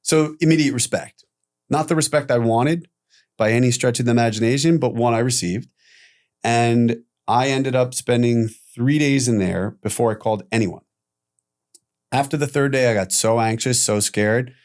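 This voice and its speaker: A man guest on a podcast telling his own story candidly, animated, acting out quoted voices and swearing casually. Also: mid-range voice, moderate pace.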